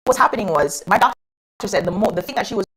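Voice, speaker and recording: A young woman guest on a radio talk show, telling her story in a lively, casual way with frequent laughs. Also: medium pitch, fast talker, slightly rough. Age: young adult.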